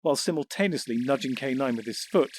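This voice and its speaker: A man reading audiobook narration in a measured, descriptive way. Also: mid-range voice, animated, a little hiss or hum. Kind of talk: scripted narration.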